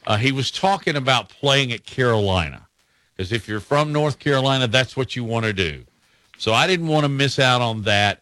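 Opinionated man with a bright voice. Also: fairly low pitch, no echo. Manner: folksy, opinionated, laughs easily. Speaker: sports radio host. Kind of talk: casual sports talk.

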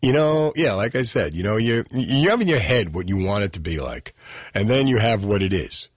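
A man hosting a radio talk show from New Jersey, bantering in a jokey, animated way with his co-host. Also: lowish voice, normal speed, no echo, clean studio sound. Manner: jokey, animated, frequent laughs. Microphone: studio microphone.

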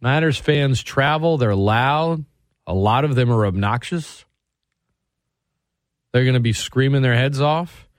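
A man hosting a sports radio show, talking in an animated, sarcastic way and swinging his pitch for emphasis. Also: unhurried, long pauses, no room sound, studio quality. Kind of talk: opinionated sports talk.

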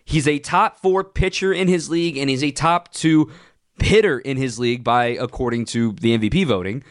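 A man hosts a sports radio show in a close, dry studio sound. He rants with opinionated, punchy emphasis, his voice leaping up in pitch when he drives a point home. His pitch sits in a middle range for a man. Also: moderate pace, no room sound. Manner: animated, ranting, punchy emphasis with sudden pitch jumps.

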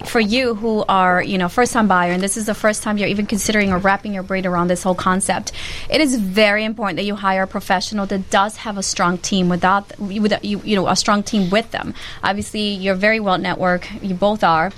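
A woman's voice: mid-range voice, steady tone, a little fast, fairly bright tone, slight background noise. A woman hosting a casual panel chat, explaining the process to first-time buyers with enthusiasm.

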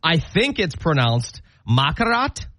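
A man's voice: fairly high pitch, sing-song, bright, forceful tone, no echo. Playful man hosting morning radio. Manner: playful, laughs often, quick asides. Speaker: radio morning show host. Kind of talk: casual radio banter. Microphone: studio microphone.

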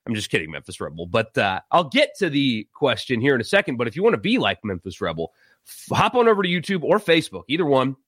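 A man's voice: medium pitch, wildly swooping pitch, fast talker, a bit bright, breathy edge, no echo, studio quality. A man hosting a casual sports talk livestream, chatty, with frequent fillers and laughing at his own jokes. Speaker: host. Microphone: live-stream mic.

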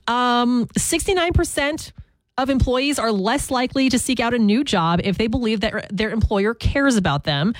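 A woman's voice: on the high side, dry recording. A young woman hosting a morning radio show, chatty and self-mocking. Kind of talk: upbeat morning radio talk.

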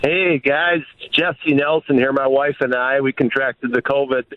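A man calling in to a radio contest, earnest and halting, over a tinny phone line. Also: mid-range voice, little pitch movement, no echo. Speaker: caller.

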